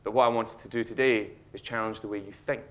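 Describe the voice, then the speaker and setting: A man in his thirties with a Scottish accent, giving a humorous motivational talk on stage and acting out a child's lines with animated storytelling. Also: fairly low pitch, fast. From Scotland. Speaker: speaker. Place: auditorium stage.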